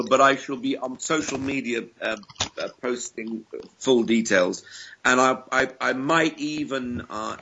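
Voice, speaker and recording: A man from England talking as a guest actor in a casual interview, playful and animated as he tells stories. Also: medium pitch, highs cut off, a little hiss or hum.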